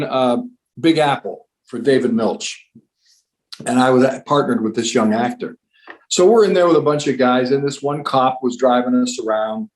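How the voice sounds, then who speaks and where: A man appearing as a podcast guest, telling animated, halting anecdotes and slipping into voices for the people he quotes. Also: mid-range voice, poor audio. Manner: halting, repeats words and restarts. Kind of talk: casual storytelling chat.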